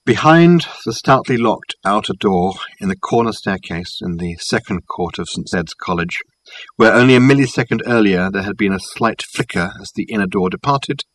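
A man reading a novel aloud in a wry, measured storytelling voice, lightly voicing the characters. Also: on the low side, a bit bright, slightly rough, rough recording. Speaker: audiobook narrator. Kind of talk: scripted narration.

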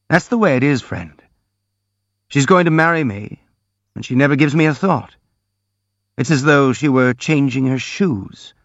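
A man's voice: medium pitch, dry recording, lightly acted. A man reading the part of a brooding, jealous young man in an audiobook, in an intense, bitter, confiding way, recorded dry and slightly dull.

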